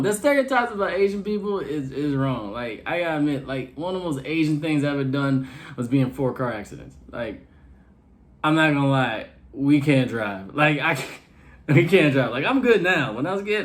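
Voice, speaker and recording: A man doing a brash, slangy stand-up comedy set for an online show. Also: a little high.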